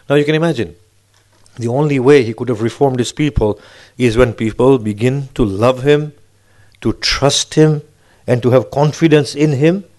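A man's voice: mid-range voice, a little mellow. A man delivering a sermon, posing rhetorical questions with emphatic, rising phrases. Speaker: preacher.

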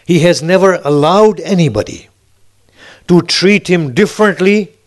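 A man's voice: sits high, expressive, unhurried. A man delivering a sermon, posing rhetorical questions with emphatic, rising phrases. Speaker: preacher.

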